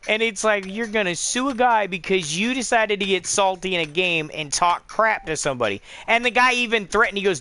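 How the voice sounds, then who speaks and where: A middle-aged man with a high, bright voice talks loosely on a game stream. He rambles from one story to the next and swears freely. He acts out the voices of the people in his stories. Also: lively intonation, brisk, hardly any pauses. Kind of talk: casual chat on a live stream.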